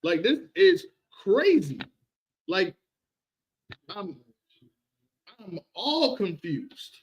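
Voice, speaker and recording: A man ranting on a casual livestream, animated and repetitive, often laughing. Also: high voice, extremely slow, pauses often, lo-fi sound.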